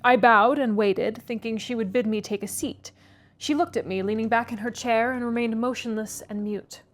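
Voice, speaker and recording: A woman reading a classic novel aloud, pausing for chatty asides and laughing at her own stumbles. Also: fairly high pitch. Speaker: audiobook reader, read-aloud host.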